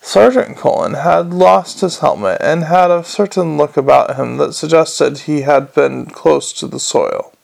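Man, audiobook narrator, wry measured reading, gravelly, slightly high voice. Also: darkish tone. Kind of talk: scripted narration.

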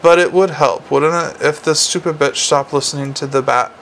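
A man's voice: a little high, steady tone, normal speed, a bit bright, a little hiss or hum. A man voicing a werewolf's inner wolf, taunting and sly, in an audiobook.

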